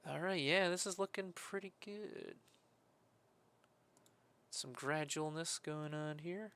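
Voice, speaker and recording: A man talking casually while he builds a game map, rambling with many fillers and breaking into loud, sweary frustration. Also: a little high, slow pace, clear, resonant tone. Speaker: modding streamer.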